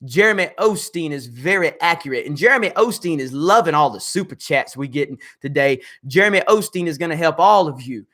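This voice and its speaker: Hoarse man rambling through a livestream. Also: on the high side, lively intonation, a bit bright. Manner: rambling, halting, full of fillers. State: hoarse, losing his voice. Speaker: livestream host. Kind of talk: casual livestream chat, reading viewer comments.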